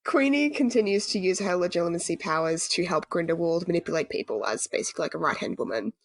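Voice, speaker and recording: Podcast co-host, woman, lower-pitched, casual and chatty, dry close mic. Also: animated, quick pace, dry recording. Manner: chatty, swears casually, lots of "like".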